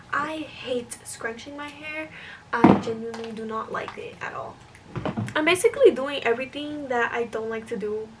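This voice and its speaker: Chatty young woman, high voice, distant mic. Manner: chatty, self-doubting, thinks aloud while styling. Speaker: vlogger. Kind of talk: casual hair tutorial vlog. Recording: distant mic, clear room noise.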